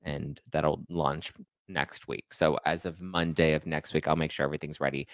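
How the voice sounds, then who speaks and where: A man with a deep, low voice hosts his podcast in a casual monologue. He talks haltingly, with many fillers and restarts, and he sounds emotional throughout. The sound is close and dry. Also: little pitch movement, dry recording. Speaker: podcast host.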